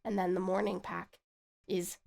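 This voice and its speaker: This woman, a VTuber from Tasmania with an Australian accent, has a lowish, gravelly voice and talks a little slowly. In casual live-stream chat she greets viewers playfully, teasing them and letting out bursts of excited squeals.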